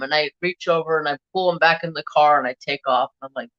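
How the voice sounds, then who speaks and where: A man telling a personal story in a slow, halting, reflective way while he works on a craft. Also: fairly high pitch, a bit bright, highs cut off. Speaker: crafting vlogger.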